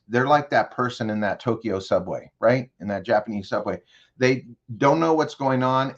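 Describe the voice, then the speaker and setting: A man's voice: medium pitch, muffled recording. Man guiding a vivid scenario. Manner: leads the listener with direct questions. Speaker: guest consultant. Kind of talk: guided storytelling in an interview.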